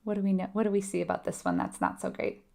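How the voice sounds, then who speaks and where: A woman's voice: medium pitch, very animated, quick pace, gravelly, darkish tone. A woman leading a live nursing exam review lesson, talking conversationally and asking her audience questions. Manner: conversational, asks the audience questions, frequent "right?".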